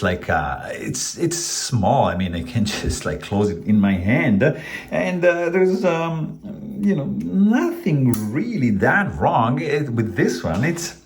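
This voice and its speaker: A man casually reviewing a pocketknife, rambling with many fillers and restarts while handling the knife as he talks. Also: mid-range voice.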